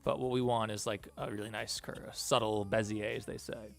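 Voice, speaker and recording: A man's voice: fairly low pitch, little pitch movement, fairly quick, vocal fry, faint music behind. A man streaming as an animator, chatting casually and thinking aloud while he works. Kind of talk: casual live stream chat.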